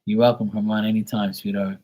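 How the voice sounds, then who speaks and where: A man hosting a casual live tarot reading, affectionate and encouraging, reading card messages slowly into a phone. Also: fairly low pitch, little pitch movement, background noise. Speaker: live tarot card reader, stream host.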